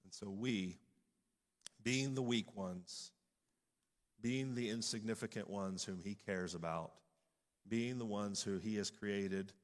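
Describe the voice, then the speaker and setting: A man preaching a sermon as pastor, building from measured speech to loud, emphatic peaks. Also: deep voice, big-room sound.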